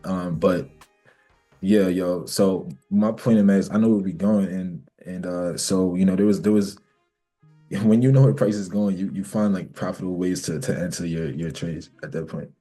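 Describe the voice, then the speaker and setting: A young man mentors viewers in a casual live trading class, speaking in a slangy, rambling way and going back and forth with himself. His voice sits low and warm at a normal pace, with soft music playing behind him.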